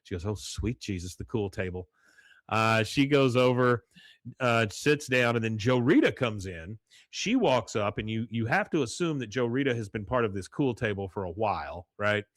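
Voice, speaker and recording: Male podcast host, middle pitch, dry sound, animated retelling. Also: normal speed, no room sound. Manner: animated retelling, reads out quotes with laughs. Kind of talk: casual chat recapping an episode.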